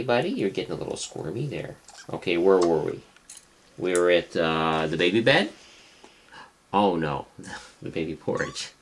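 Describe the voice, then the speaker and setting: A father reading a children's story aloud to his baby at home, gentle and playful. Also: deep voice, slight background noise.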